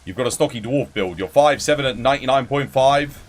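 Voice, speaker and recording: A man's voice: medium pitch, a little fast, faint music behind. A man live-streaming a game, chatting casually, greeting viewers by name and explaining game mechanics. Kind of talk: casual live-stream chat and gameplay tips.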